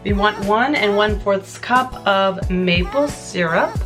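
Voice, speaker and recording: A woman's voice: medium pitch, animated, slow, music in the background. A woman hosting a home cooking video, chatting casually to viewers with joking asides, in her kitchen. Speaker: cooking channel host. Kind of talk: casual recipe vlog.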